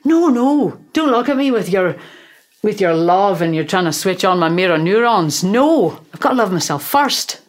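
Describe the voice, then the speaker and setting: A woman's voice: mid-range voice, big pitch swings, normal speed, pitched above the performer's own voice, close to an everyday voice. A woman voicing an indignant newborn baby in a put-on Scottish accent, protesting that it must love itself first.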